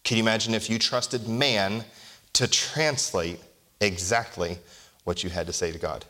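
A male pastor delivering a sermon in a fairly low voice. He reads scripture slowly and deliberately, then talks to the congregation in an easy, conversational way, full of rhetorical questions. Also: bright, forceful tone. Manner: slow, deliberate scripture reading.

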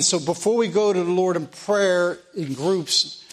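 Pastor, man, high voice, slow emphatic preaching and prayer. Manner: preaching with slow, emphatic phrasing, sometimes repeating himself. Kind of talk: sermon and prayer.

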